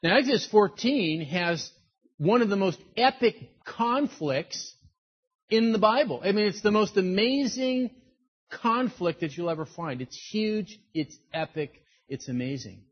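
A man pastor preaching a sermon in a conversational, emphatic way, dropping low and quiet for serious points, on a dull lo-fi recording. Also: animated, measured pace, slightly rough.

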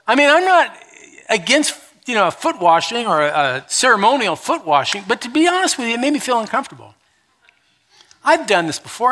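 Bright-voiced animated middle-aged male pastor. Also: high-pitched. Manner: animated, conversational storytelling with humor. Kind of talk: sermon.

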